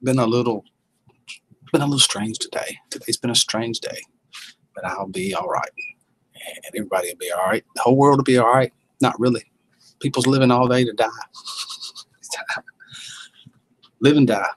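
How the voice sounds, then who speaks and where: A man's voice: medium pitch, normal speed, long pauses, slight background noise, poor audio. A man, hosting a casual livestream and reading out and answering viewer comments in a folksy way. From Southern United States. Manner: folksy, reads chat comments aloud. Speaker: livestream host.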